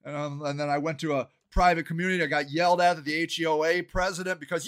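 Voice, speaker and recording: An older man who is running for city council delivers an angry, profane monologue, often shouting. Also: on the high side, level tone, quick pace, hardly any pauses, smooth. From Ohio, United States. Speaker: city council candidate and activist.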